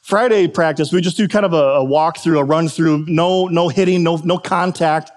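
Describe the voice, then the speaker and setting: Male pastor, fairly high voice, sermon told through a story. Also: normal speed. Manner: storytelling, animated when quoting coaches.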